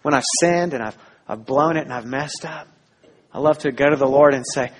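A man preaching a sermon as pastor, earnest, dropping to a hush and then rising loud again. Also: mid-range voice, moderate pace, breathy edge. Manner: earnest preaching, swinging between hushed and loud.

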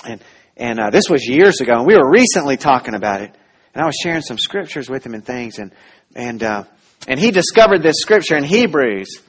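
A man preaching a sermon as pastor, earnest and full of restarts, rising to loud emphasis and dropping to soft, quiet lines. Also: mid-range voice, big pitch swings, a little fast, breathy edge.

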